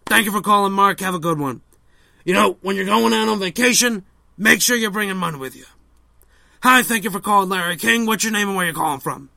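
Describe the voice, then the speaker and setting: A man doing an impression of an older male call-in radio host, slow and drawling, handing out random advice. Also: high-pitched, creaky, pushed and bright, dry recording, heavily acted. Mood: droning. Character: older male talk-show host, rambling. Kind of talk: comedic impression sketch.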